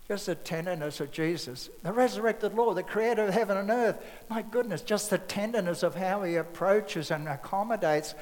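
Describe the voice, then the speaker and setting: A man's voice: high voice, moderate pace, in a large hall, poor audio. A man preaching a sermon in a loose, conversational way, acting out bits of scripture dialogue.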